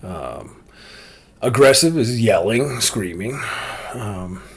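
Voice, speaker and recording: Blunt husky man ranting. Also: lowish voice, lively intonation, slow pace. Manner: blunt, opinionated, rambling with restarts. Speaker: vlogger. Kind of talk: casual ranting monologue.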